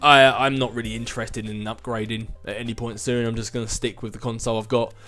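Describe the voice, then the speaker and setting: A man's voice: medium pitch, little pitch movement, fast, bright, forceful tone. A man hosting his own gaming channel, answering viewer questions in a casual, chatty way and chuckling between thoughts.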